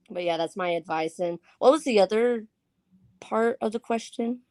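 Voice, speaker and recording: A woman's voice: fairly high pitch, a little mellow, no echo. Chatty woman scare actor, dry sound. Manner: chatty, giggly, full of fillers. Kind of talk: casual podcast chat.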